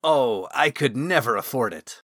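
A man reading the lines of an earnest, gentle young man in an audiobook, sincere and softly spoken. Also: medium pitch, lively intonation, measured pace, dry recording, studio quality. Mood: dejected.

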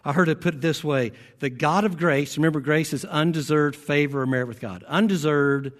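A man's voice: fairly high pitch, fairly quick, in a large hall. A man preaching a sermon as pastor. He tells stories in between and builds to emphatic exhortation. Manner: storytelling, rising to emphatic preaching.

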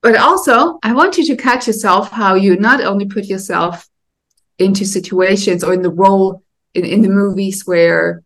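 A woman's voice: medium pitch, moderate pace. A woman anxiety coach co-hosting a podcast, explaining in a conversational way and asking listeners to notice their own thoughts. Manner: conversational, often asks listeners to catch themselves. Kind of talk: casual podcast chat.

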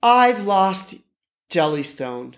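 A man reading out the lines of a weary male park ranger in a mostly plain voice, with a few higher-pitched spots. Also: very animated, extremely slow, fairly bright tone, heavily acted.

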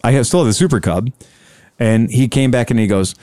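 A man recounts a sales deal in a relaxed, chatty way. He slips into the voices of the people in the story as he tells it. His voice sits at a middle pitch, recorded dry and close with no room sound. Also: fairly quick, no echo. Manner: animated, acts out both sides of conversations. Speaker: scooter dealer telling a story. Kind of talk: casual storytelling on a podcast.

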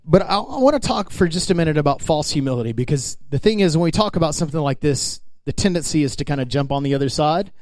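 Higher-voiced man preaching a sermon. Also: expressive, fast talker, few pauses, darkish tone, no room sound. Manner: emphatic, conversational preaching that addresses the congregation directly. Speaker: pastor.

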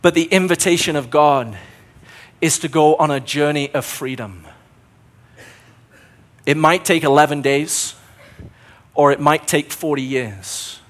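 A man's voice: fairly high pitch, unhurried, pauses often. A man preaching a sermon in an earnest way, building his points through repeated phrases, his voice a little strained. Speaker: pastor.

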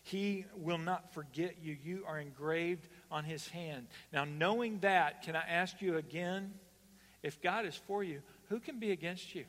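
Man, pastor, sermon, slow-paced, somewhat high voice, church hall reverb. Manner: swings from loud emphatic calls to hushed, slow lines.

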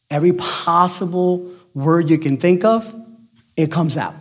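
A middle-aged man with a slightly husky voice delivers a sermon in an emphatic preaching style. He drops to hushed, near-whispered phrases for effect, then rises again, and he acts out the people he quotes in a raised, excited voice. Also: on the high side, unhurried. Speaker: pastor.

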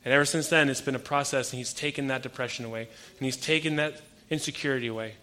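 A man's voice: mid-range voice, steady tone, quick pace, pushed and bright. A young adult male pastor giving a conversational sermon, telling stories and acting out quoted exchanges with energy.

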